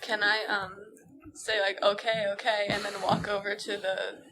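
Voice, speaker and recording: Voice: medium pitch, level tone, unhurried, background noise. A player at a tabletop session, talking in a playful, casual way.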